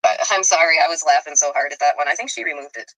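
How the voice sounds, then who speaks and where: A chatty speaker from a played live stream, gossiping critically about other streamers. The voice is bright and a little sharp, at a middling pitch, and sounds dry and close to the mic. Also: rapid-fire, dry recording, poor audio. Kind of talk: gossipy livestream commentary.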